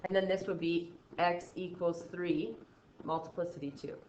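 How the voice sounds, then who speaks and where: A woman teacher with a lowish, darkish voice and fairly even intonation explains math at normal speed in a chatty manner. She often checks in with "okay?" and plays out student reactions, and the classroom recording is roomy and slightly dull with a little hiss or hum.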